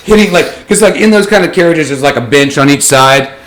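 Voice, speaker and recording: A man's voice: on the high side, brisk, a bit bright. A man narrating as game master, casual and rambling, with filler words between his thoughts. His voice has a roomy echo.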